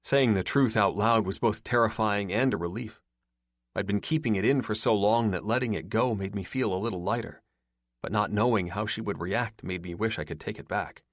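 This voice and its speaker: A man with a fairly low voice reads a first-person romance audiobook at a steady, measured pace. The recording is dry and close, with no room sound. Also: dry recording. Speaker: audiobook narrator. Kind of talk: first-person scripted narration.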